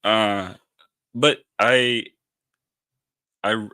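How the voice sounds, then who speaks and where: Co-host, male, deep and bright, loose rambling chat, dry room. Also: steady tone, very slow, no echo. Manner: rambling, restarts, many likes. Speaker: podcast co-host. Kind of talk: casual chat. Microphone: live stream mic.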